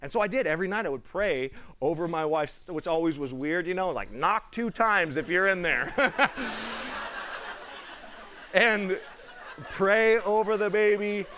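A young man preaching a sermon through a personal story, animated, acting out the people in it and dropping to a hush at tender moments. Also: high voice, measured pace, slight background noise. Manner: animated, acts out the people in his stories; laughs between lines, drops to a hushed tone for tender moments.

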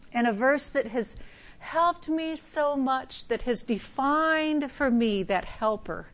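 A woman preaching a sermon in an earnest, emphatic way, dropping now and then to a soft hush. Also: a little high.

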